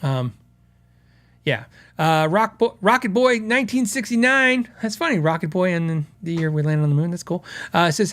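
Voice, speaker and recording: Reading viewer comments aloud, this male podcast host chats casually, rambling with restarts and acted-out quotes. His voice is a little high with a fairly bright tone.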